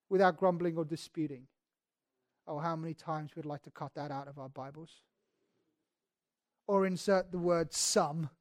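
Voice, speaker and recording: A man with a high voice preaches a sermon, shifting from quiet reflection to loud, emphatic passages. He reads scripture aloud and slows down on key words. The sound is clean studio audio with no room echo.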